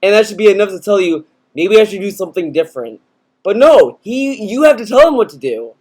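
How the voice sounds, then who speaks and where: A man's voice: sits high, big pitch swings, fairly quick, darkish tone. A man ranting sarcastically in a video commentary, full of fillers and mocking asides. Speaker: commentary youtuber.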